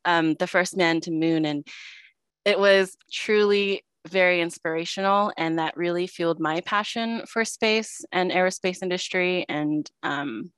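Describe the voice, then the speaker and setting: A young woman speaking as a panelist, telling her story in a relaxed way with light fillers. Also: fairly low pitch, unhurried, clean tone, dry recording.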